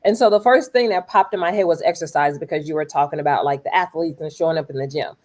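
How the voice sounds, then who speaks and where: A woman hosting a podcast interview, eager and affirming, who asks open questions and answers her guest with quick yeses. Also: low voice, darkish tone. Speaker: podcast host. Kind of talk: casual interview conversation.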